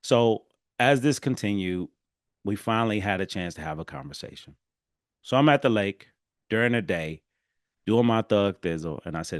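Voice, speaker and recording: A man hosting a solo podcast, telling his story with lively swings that fall to low, quiet emphasis. His voice sits on the deeper side, recorded close and dry with no room around it. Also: normal speed, no echo. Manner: animated, acts out dialogue, drops low and quiet for emphasis. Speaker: podcast host.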